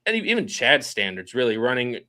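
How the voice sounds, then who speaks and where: A man hosting a casual racing podcast, chatty and quick to laugh as he reads out the live chat. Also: mid-range voice, very animated, sharp tone. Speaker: podcast host.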